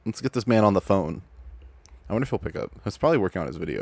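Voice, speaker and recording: A man hosting a live stream, chatting casually with viewers, excitable and stammering, swearing freely. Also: on the low side, quick pace, gravelly, dry recording. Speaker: streamer host judging videos.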